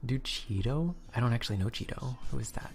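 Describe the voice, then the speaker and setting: A man chatting casually on a live stream, rambling and breaking off his own sentences. His voice is gravelly with fry and his throat sounds slightly stiff. Faint music plays behind him. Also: mid-range voice, lively intonation, a little fast. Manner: rambling, self-interrupting, reads docs aloud. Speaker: streamer and game developer.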